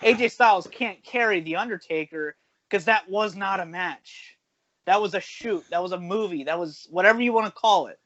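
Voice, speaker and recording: A man's voice: sits high, moderate pace, a bit bright. Profane ranting man on a call. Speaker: podcast host. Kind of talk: casual podcast chat. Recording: lo-fi video call audio.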